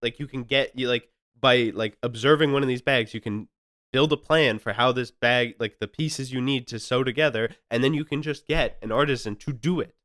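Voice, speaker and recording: A man co-hosts a casual podcast and rants in an irritated voice. His pitch sits mid-range for a man. The recording is dry and close. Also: normal speed, a bit bright, no room sound. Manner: irritated, ranting.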